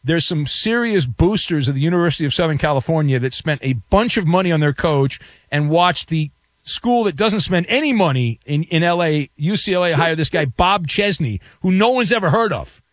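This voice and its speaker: A man hosts a sports call-in radio show with a slightly high voice that swings up and down a lot. He jokes and needles his callers sarcastically. The studio sound is dry and close. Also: expressive, brisk, dry recording. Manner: wisecracking, sarcastic. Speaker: radio sports talk host.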